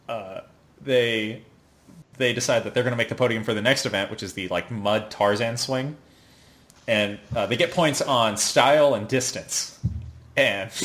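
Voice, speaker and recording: A man's voice: on the low side, a bit bright. Man laughing through an anime recap. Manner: rambling, laughing, acting out characters' lines. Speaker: podcast host. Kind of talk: casual chat recapping an anime episode.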